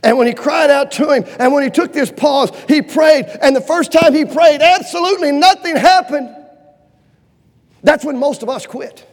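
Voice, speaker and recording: A man preaching a sermon with fervent delivery, swinging from loud urgent pleading to low hushed lines. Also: moderate pace. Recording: long hall reverb.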